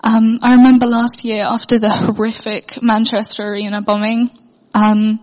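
A woman's voice: on the high side, little pitch movement, moderate pace, a little mellow, long reverb tail, poor audio. A young woman sharing a heartfelt personal faith testimony, hesitant, with many fillers and restarts. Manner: earnest, heartfelt.

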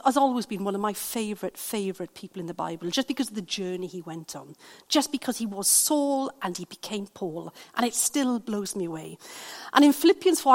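Welsh woman preaching in a reverberant hall. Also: a little high. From Wales. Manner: storytelling, animated, conversational. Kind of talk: sermon.

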